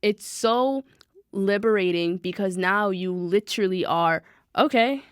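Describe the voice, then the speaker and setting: A woman hosting a self-help podcast, talking in a casual, animated way and addressing her listeners directly. Her voice sits at an everyday middle pitch. The sound is dry and close, with no room echo. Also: clean tone. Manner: animated, talks to listeners directly, quick asides. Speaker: podcast host.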